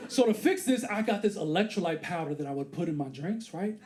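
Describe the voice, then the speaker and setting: Lively high-voiced male stand-up comic. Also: brisk. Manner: animated act-outs with put-on voices and loud exclamations. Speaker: stand-up comedian. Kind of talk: stand-up comedy set. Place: comedy theater stage before a live audience. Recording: live crowd laughter behind.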